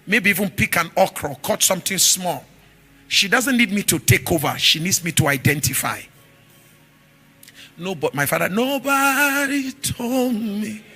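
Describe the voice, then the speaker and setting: A man preaching a sermon, telling stories with animated shifts from shouts to murmurs. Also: a little high, moderate pace, pauses often, slightly rough, faint music behind. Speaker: pastor.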